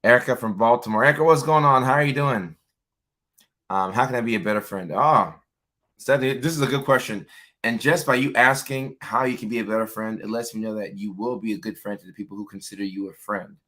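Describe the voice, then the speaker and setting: A man's voice: mid-range voice, brisk, bright, forceful tone. A man hosting a casual livestream, upbeat, greeting viewers by name and reading their comments aloud. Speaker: livestream host. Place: home setup, lives in California.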